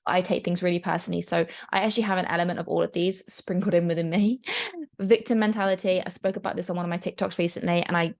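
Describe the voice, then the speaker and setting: A woman's voice: on the low side, steady tone, fast, gravelly, a little mellow. Chatty, frank young woman coach. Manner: chatty and frank, swears casually. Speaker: mindset coach. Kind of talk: casual teaching talk.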